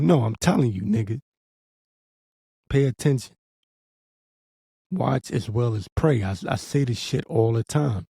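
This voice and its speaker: A man's voice: medium pitch, moderate pace, creaky, pauses often, mellow, slightly rough, no room sound, studio quality. A man giving a blunt, profane, urgent warning in a preaching commentary vlog, with frequent restarts. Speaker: religious commentator.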